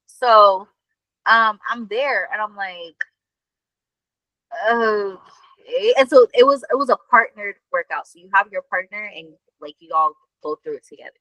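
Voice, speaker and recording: A woman co-host tells a story in loose, casual chat. Her voice is bright and the sound is dry and close. She talks in an animated way, with lots of fillers and swearing. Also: mid-range voice, moderate pace, dry recording, rough recording. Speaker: podcast co-host.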